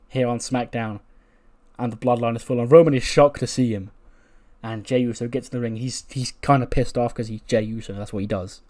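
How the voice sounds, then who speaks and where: A man's voice: medium pitch, a little mellow. A man hosting a game channel, casually narrating a wrestling simulation in a laid-back, slangy way with muttered asides.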